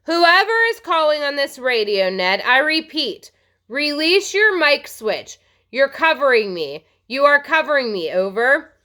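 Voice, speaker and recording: A calm male radio operator talks in short, clipped procedure phrases, read by a woman. The voice is high and bright. Its pitch still moves in a lively way. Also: measured pace, heavily acted.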